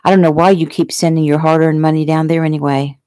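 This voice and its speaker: A woman's voice: sits low, little pitch movement, fast talker, warm tone, no room sound, natural voice. A woman reading the part of a brash, sarcastic woman who teases her friend, in a storybook. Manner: sarcastic, mocking.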